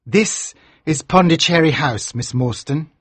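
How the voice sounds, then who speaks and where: A man voicing a nervous, excitable gentleman in a read-aloud story. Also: a little slow, slightly rough, no room sound. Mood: fussy. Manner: high, fluttery and anxious. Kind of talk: story reading for English learners.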